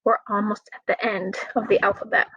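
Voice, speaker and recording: A woman teacher guides young children through letters in a gentle, encouraging way. Her voice is dry and close, with a somewhat dull, lo-fi sound. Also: mid-range voice, flat delivery, fairly quick, breathy edge, no echo. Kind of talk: online class for young children.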